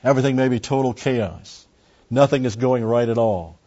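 A Bible study teacher speaks at normal speed in a warm, mid-range voice. He breaks down words closely and emphasizes his points by repeating key phrases. The audio is dull lo-fi.

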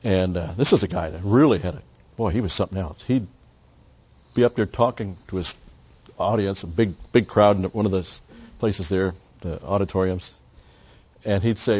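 A man's voice: low-pitched, normal speed, darkish tone, breathy edge, dull audio. An older man teaching a Bible study lecture in a rambling, conversational way full of asides.

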